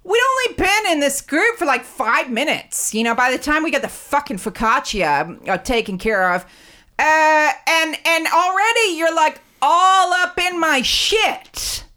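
A woman's voice: high voice, expressive, measured pace, bright, forceful tone. A woman telling an indignant, profane, rambling story in a comedic rant. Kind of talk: comedic ranting monologue.

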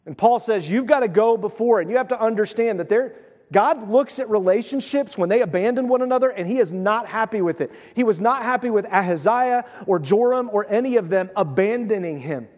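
A pastor with a fairly high voice delivers a sermon, retelling the scripture casually and slipping into voiced asides. His voice rings out with a long reverb, as if in a church sanctuary. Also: animated, a little fast, a little mellow.

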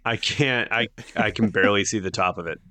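A man co-hosting a casual podcast from home, wry and deliberate in his delivery. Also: on the low side, bright, forceful tone, no echo. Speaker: podcast co-host. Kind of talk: casual chat.

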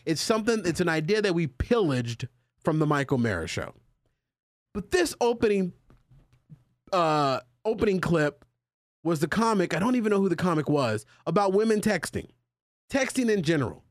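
A male podcast host in casual chat, animated and joking with his co-hosts as he reads out a listener letter. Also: sits high, normal speed, no echo, clean studio sound. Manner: animated, jokey banter with co-hosts.

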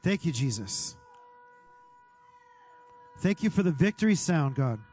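A pastor leading a fervent prayer over his congregation, speaking directly to God and sometimes rising to a shout. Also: fairly high pitch, big pitch swings, a little slow, breathy edge, soft background music. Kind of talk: sermon prayer.

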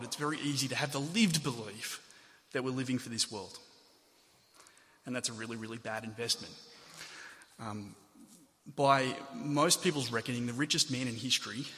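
A man's voice: medium pitch, pushed and bright. A man preaching a sermon in a conversational way, with asides and self-corrections. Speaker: pastor. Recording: long hall reverb.

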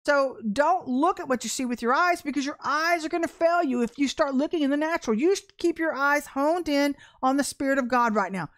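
Woman preacher, high voice, repeats herself for punch, keeps clearing her throat. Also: a little fast, few pauses. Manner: emphatic, repeats key phrases, clears throat often. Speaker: prophetic minister. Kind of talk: casual prophetic sermon.

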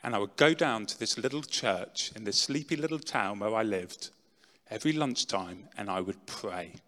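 A middle-aged man giving a dramatic personal testimony talk, swinging from loud, pushed lines to hushed ones. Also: on the low side, moderate pace. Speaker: speaker telling his testimony. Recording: long reverb in a large hall.

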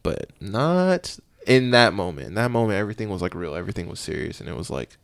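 A man's voice: deep voice, very animated, fast, gravelly, few pauses. A man who is a police officer, telling stories in a loose, rambling way in an interview. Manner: loose, rambling, with many fillers. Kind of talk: casual storytelling in an interview.

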